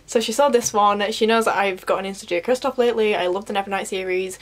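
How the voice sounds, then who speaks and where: A woman's voice: mid-range voice, fairly even intonation, fast talker. A woman chatting casually about books in a vlog, enthusiastic and full of asides. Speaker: book vlogger. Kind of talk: casual chat.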